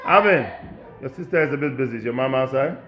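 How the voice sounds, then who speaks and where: A man, a childcare educator gently encouraging and instructing children as they cook. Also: medium pitch, quick pace, lo-fi sound. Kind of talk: instructing children while cooking.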